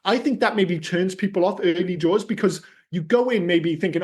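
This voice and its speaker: A man's voice: high voice, normal speed, darkish tone. A man co-hosting a podcast, chatting casually about films, swearing freely and using lots of fillers. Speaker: podcast co-host. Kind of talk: casual film chat.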